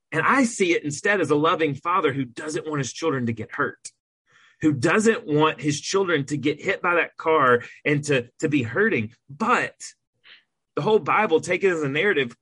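A man's voice: fairly high pitch, pushed and bright, husky, no room sound. A man co-hosting a podcast, an adoptive parent talking in an earnest, emphatic way with frequent restarts. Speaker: podcast co-host. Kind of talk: earnest conversational podcast talk.

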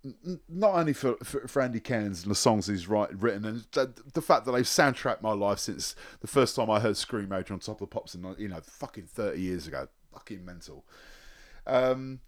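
A man's voice: fairly low pitch, animated, fairly quick. A man guests on a podcast in casual chat. He rambles, restarts his sentences and swears freely.

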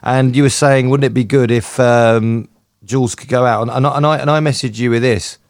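A playful man chatting on a home podcast, laughing and trying out silly voices. His middle-pitched voice is recorded close and dry. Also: steady tone, a little fast, no room sound. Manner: playful, laughs easily, tries out comic accents. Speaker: podcast co-host. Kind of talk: casual chat.

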